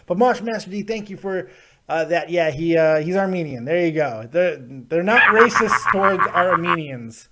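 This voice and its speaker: Man, high voice, call-in show host, blunt, profane, laughs a lot. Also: normal speed, pushed and bright, slight background noise. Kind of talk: casual live call-in chat.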